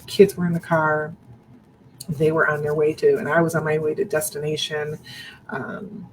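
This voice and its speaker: A woman's voice: low voice, little pitch movement, normal speed, slight background noise, poor audio. A woman candidly telling her personal story on a broadcast, earnest and direct, often restarting her sentences. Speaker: survivor sharing her story.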